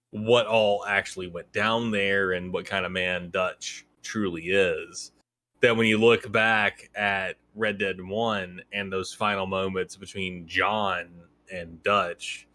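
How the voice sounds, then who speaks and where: A man co-hosting a podcast, chatting casually in an animated way and swearing freely. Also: sits low. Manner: animated and profane. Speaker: podcast co-host. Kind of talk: casual chat.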